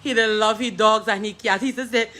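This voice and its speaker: Woman, Trinidadian accent, distraught, crying, pleading, repetitive, bright tense voice. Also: on the high side, fairly even intonation, normal speed. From Trinidad and Tobago. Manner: pleading, repetitive, breaking between laughter and tears. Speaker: grieving sister. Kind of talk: distraught street appeal.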